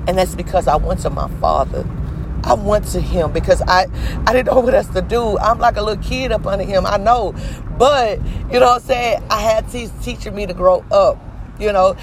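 A man's voice: high-pitched, slight background noise, poor audio. A man in his twenties telling a personal story in a casual vlog, emphatic, preachy and full of profanity. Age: 20s. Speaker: vlogger. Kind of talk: casual testimony monologue.

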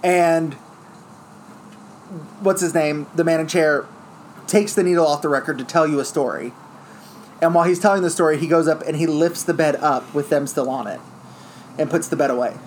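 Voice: medium pitch, steady tone, normal speed, long pauses, a little hiss or hum. A speaker in casual chat retelling a story step by step, now and then acting out quoted lines.

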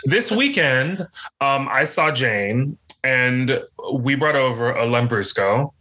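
A man co-hosting a podcast over a video call, telling tall comic stories with a deadpan delivery. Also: medium pitch, slow pace. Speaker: podcast co-host. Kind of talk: comedic casual chat over video call.

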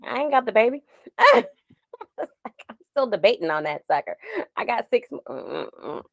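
A woman in her forties co-hosting a podcast, telling a story in an animated, laughing way and drifting off on tangents. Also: on the high side, measured pace, gravelly, no room sound. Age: 40s. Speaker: podcast co-host. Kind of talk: casual chat.

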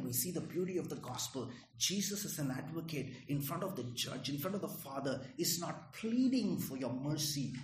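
An earnest male preacher delivers a sermon, asking his listeners questions and doubling back on his words. His voice rings around a roomy space, with faint noise behind it. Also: high voice.

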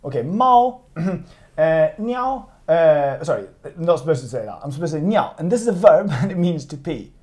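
A man tutoring in a casual lesson, patient and playful, slowing down and repeating words to demonstrate. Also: on the high side, lively intonation, mellow. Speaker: Chinese tutor. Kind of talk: casual one-on-one language lesson.

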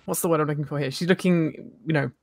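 A woman's voice: low-pitched, steady tone, fast, a little mellow, no echo, studio quality, soft background music. A woman playing a tabletop game, rambling and giggly, describing her character. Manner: giggly, rambling, often laughing. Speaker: player.

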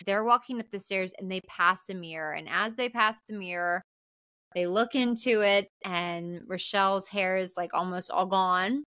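A woman co-hosting a podcast, casually recapping a film in an animated way, full of "like" and casual swearing. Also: medium pitch, a little slow, clear, resonant tone, no echo. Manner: animated, swearing, filler-heavy "like". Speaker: podcast co-host.

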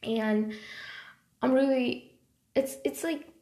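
A woman's voice: high voice, steady tone, slow. A woman vlogging casually to her viewers, rambling with many filler words and talking with passion about her hobbies and life. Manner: rambling, heavy use of "like" fillers; passionate, then softer and quieter. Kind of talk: casual talk to camera.

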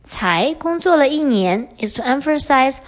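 A young woman hosting a podcast lesson, explaining clearly and switching between English and Mandarin. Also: sits high, animated, moderate pace. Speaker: podcast host and Chinese teacher.

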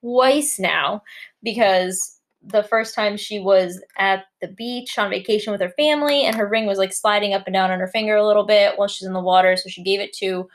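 A woman's voice: mid-range voice, brisk. Blunt woman co-hosting a casual podcast. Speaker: podcast co-host. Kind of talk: casual chat.

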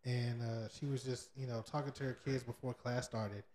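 A man's voice: mid-range voice, little pitch movement, moderate pace, a little mellow. Laid-back man in an echoey room. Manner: laid-back, storytelling, easily amused. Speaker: podcast co-host. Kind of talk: casual chat. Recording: echoey room with faint noise.

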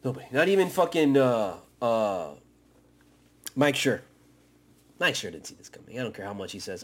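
A man hosting a fan podcast, ranting with heavy swearing and swinging from loud outbursts to low mutters. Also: moderate pace, long pauses, husky. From Miami area. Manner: profane, excitable, swings between shouting and muttering. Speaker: podcast host. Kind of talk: fan commentary rant.

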